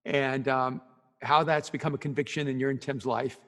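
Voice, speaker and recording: A man's voice: medium pitch, steady tone, normal speed, long reverb tail. A pastor interviewing a guest in a casual, hesitant way, filling his questions with ums and ands. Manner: hesitant, many fillers, soft affirming murmurs.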